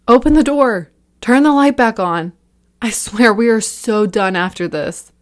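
A woman's voice: medium pitch, normal speed, close to an everyday voice. Horror story reading: a bitter, panicked young man near tears, voiced by a woman narrator.

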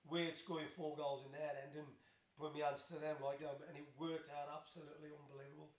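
A man in his fifties with a Black Country accent tells rambling stories at a brisk pace, restarting sentences and laughing along. His voice sits a touch high for a man. The room adds a noticeable echo around him. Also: flat delivery. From Tipton, West Midlands of England. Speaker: guest, former footballer. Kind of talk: casual storytelling interview. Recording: roomy echo.

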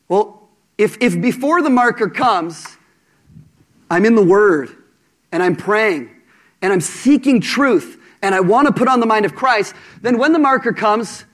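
A man with a notably high speaking voice delivers a sermon to a live congregation. He talks in a casual, animated way and often slips in humor and asides. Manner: animated, conversational preaching with humor. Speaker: preacher.

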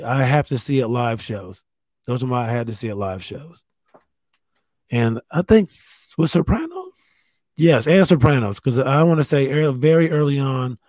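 A man's voice: on the high side, darkish tone, no echo. Give me a self-mocking man in his thirties, casually chatting on a podcast, recorded dry. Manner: rambling, profane, self-mocking. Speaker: podcast host. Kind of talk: casual solo podcast chat. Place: spare bedroom at home.

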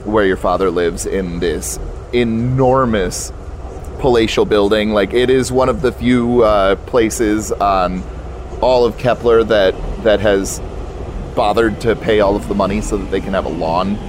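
A man narrating a tabletop role-playing game as game master, halting with many fillers. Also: lowish voice, fairly even intonation, slight background noise.

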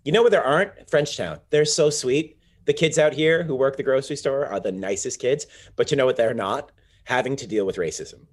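A man co-hosting a casual podcast chat, talking in animated, rambling asides and swearing freely. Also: mid-range voice, fairly quick. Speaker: podcast co-host.

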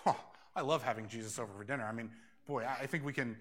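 Man doing flustered homeowner, stammering, lower mumbly voice, bright tone. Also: quick pace, lightly acted. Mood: musing. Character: flustered ordinary male homeowner.

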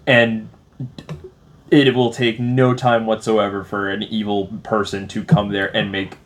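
A man's voice: fairly low pitch, flat delivery, measured pace. A man co-hosting a podcast, talking earnestly about a film in casual chat. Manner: earnest, acts out quoted lines. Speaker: podcast co-host.

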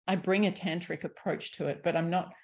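A woman with a low, husky voice talks as a sexuality coach in a relaxed podcast chat. She is candid and lively, swears without hesitation and laughs easily. Her delivery stays open and conversational. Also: brisk. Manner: candid and animated, swears freely, laughs often.

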